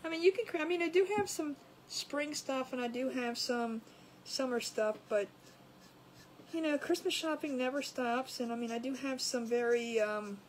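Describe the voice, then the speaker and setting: A woman's voice: high-pitched, moderate pace, slight background noise, poor audio. A woman hosting a casual craft livestream, rambling and chatty as she greets viewers by name. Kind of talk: casual live-stream chat.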